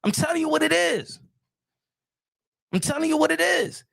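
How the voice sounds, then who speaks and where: A man hosting a boxing commentary channel, preaching loudly and repeating his points straight at the person he is talking about. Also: very high-pitched, lively intonation, normal speed, creaky, dry recording. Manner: loud, preachy, repeats himself, addresses the subject directly. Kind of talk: emphatic boxing commentary vlog.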